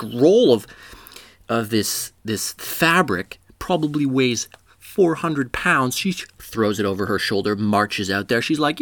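A man's voice: medium pitch, pushed and bright, no echo. A man telling a comedic story in a rambling, profane way, laughing at his own jokes.

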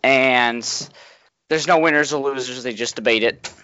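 A man's voice: medium pitch, normal speed, bright, forceful tone, slight background noise. A man hosting a casual podcast, bringing in segments with playful, jokey wording. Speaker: host. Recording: dry, dull lo-fi sound.

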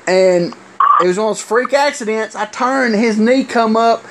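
A middle-aged man, a former wrestler telling stories in casual chat, halting and full of fillers. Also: sits high. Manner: rambling, halting with many fillers. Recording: loud hiss with clicks.

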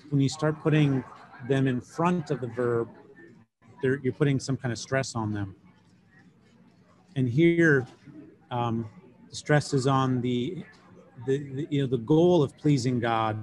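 A middle-aged man lecturing a class on Greek grammar with a mid-pitched voice. He explains loosely and patiently, often pausing on fillers and starting over. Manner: relaxed, explanatory, many fillers and restarts. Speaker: Greek professor teaching a class.

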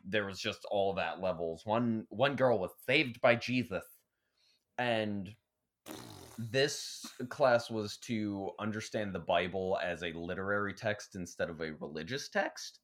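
A man's voice: lowish voice, a little slow, a bit bright. A man co-hosting a podcast, telling a rambling college anecdote in casual chat, swearing and laughing along. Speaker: podcast co-host.

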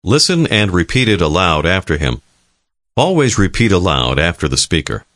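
A man giving scripted instructions for a language course in a calm, measured, clearly enunciated way. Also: sits low, no room sound, studio quality.

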